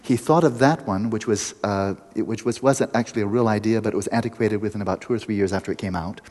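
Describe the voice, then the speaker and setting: A man's voice: lowish voice, fast, darkish tone, long reverb tail. A man giving a meditation retreat lecture, playful and teasing, telling stories and laughing often. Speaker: meditation teacher.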